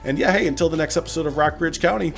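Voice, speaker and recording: A man's voice: fairly high pitch, rapid-fire, fairly bright tone. Stuffed-up man rambling over game footage. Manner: rambling, many ums and uhs. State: stuffed up from a cold. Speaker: gaming channel host. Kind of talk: casual gameplay commentary. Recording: faint music behind the voice.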